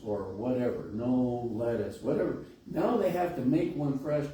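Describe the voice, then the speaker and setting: Folksy pastor telling a story in an echoey hall. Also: male voice, medium pitch, normal speed, few pauses. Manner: folksy, conversational, animated storytelling. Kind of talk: sermon storytelling. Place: large church sanctuary. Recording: echoey hall, distant mic, faint hiss.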